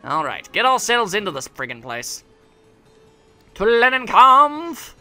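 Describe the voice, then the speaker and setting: A man's voice: fairly high pitch, big pitch swings, brisk, pushed and bright, soft background music. Sarcastic rambling man commenting on a game. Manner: rambling, sarcastic, joking at the characters. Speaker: let's play commentator.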